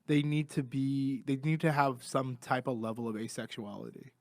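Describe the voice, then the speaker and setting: A young man chats as a podcast guest, candid and easygoing, slipping in jokes. His voice sits mid-pitch for a man and is recorded close and bone dry. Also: normal speed, no room sound. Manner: relaxed, candid, joking. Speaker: podcast guest, comedy studio owner. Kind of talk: casual chat.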